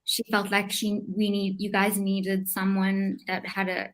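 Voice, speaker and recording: A woman from South Africa with a South African accent, a guest in a casual livestream chat, explaining things in a measured way. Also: medium pitch, monotone, rough recording. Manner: measured, explanatory, with filler ums.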